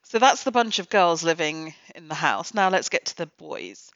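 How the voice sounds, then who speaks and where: A woman's voice: low-pitched, sing-song, normal speed, fairly bright tone, dry recording, muffled recording. A woman hosting a book review podcast, talking in a wry, critical, conversational way. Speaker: podcast host.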